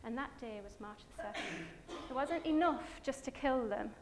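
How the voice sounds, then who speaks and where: A woman giving a chatty, animated Bible story talk with slides, full of fillers and asides to her listeners. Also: fairly high pitch, normal speed, noisy background.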